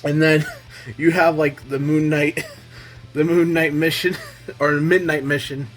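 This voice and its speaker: A man giving a casual, enthusiastic review in a vlog, talking loosely and filling pauses with "um" and "you know.". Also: fairly high pitch, level tone, soft background music. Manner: enthusiastic, loose, heavy on fillers. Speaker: comic book reviewer.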